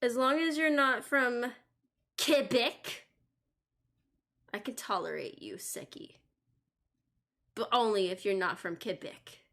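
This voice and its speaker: A woman's voice: fairly high pitch, slow, pauses often, fairly bright tone. A woman streaming a game, chatting casually and joking in a playfully boastful way. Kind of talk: casual let's-play commentary.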